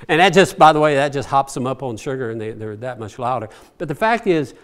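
A man's voice: medium pitch, lively intonation, brisk, hardly any pauses, a bit bright. An older man preaching a folksy, conversational sermon, asking rhetorical questions and chuckling as he goes. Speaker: pastor.

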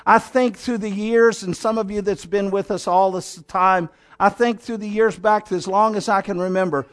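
A pastor with a strikingly high-pitched voice preaches to his congregation. He tells the story like a dramatist, one moment lifting into fervent exhortation, the next dropping low and confiding. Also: fairly even intonation, normal speed. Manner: dramatic storytelling, acting out scenes; swings between raised exhortation and low intimate asides. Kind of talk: sermon.

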